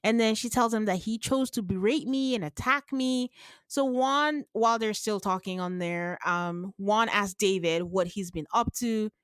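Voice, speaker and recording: A woman hosting a casual podcast recap, telling the story with lively acted-out quotes. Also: measured pace, clear, resonant tone, no room sound. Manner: animated storyteller, acts out quotes with big pitch jumps. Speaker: podcast host recapping a reality show. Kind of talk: casual chat.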